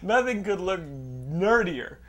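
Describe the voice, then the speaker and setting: Slow-paced yet very animated, this young man hosts a laid-back podcast in a high-sitting voice. He wanders through stories, pokes fun at his guest, and laughs frequently.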